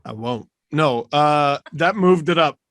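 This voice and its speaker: Man hosting a podcast, slightly high voice, excitable, casual chat. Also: no echo. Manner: excitable, gushing, quick to laugh. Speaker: podcast host.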